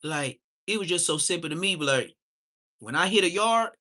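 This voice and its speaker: A man's voice: a little high, animated, moderate pace, sharp tone. A man from Southern California hosting a livestream, reacting in casual slangy chat and laughing a lot. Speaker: livestream host.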